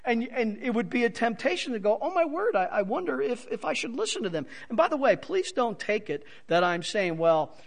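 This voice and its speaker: A man preaching an expository sermon, swinging from soft to loud for emphasis. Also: high-pitched. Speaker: pastor.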